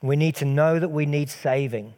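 A man's voice: on the high side, moderate pace, dark tone. A man preaching a sermon earnestly, asking rhetorical questions and letting his voice swell and drop.

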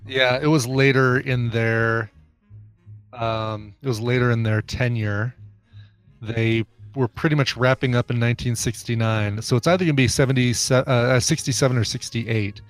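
A man's voice: medium pitch, fairly even intonation, normal speed, soft background music. A man co-hosting a casual podcast, thinking aloud through quiz answers with a hesitant, musing way.

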